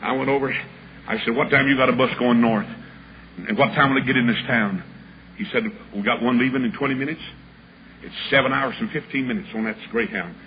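A man preaching, telling a folksy story and acting out the voices in it, building up to shouts. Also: medium pitch, steady tone, fairly quick. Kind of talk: storytelling sermon. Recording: dull lo-fi recording with clear background hiss.

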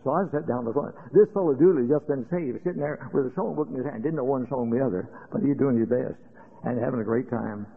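A man preaching, telling a story in a folksy, halting way with many fillers and rising to loud warnings. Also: medium pitch, creaky, breathy edge. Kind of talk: storytelling sermon. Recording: tinny old radio broadcast.

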